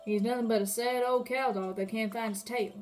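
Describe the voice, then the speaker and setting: A woman's voice: on the high side, steady tone, brisk, music in the background, close to an everyday voice. A woman voicing a swaggering male cowboy police officer with a put-on Texan drawl and folksy sayings.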